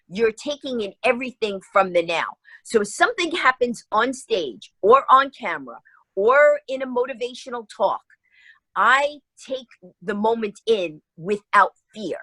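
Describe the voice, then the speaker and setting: A woman's voice: on the high side, no room sound, rough recording. A woman from New York telling stories as a radio interview guest, acting out the voices of people in them. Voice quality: lively, acts out voices in her stories. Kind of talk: animated storytelling in a radio interview.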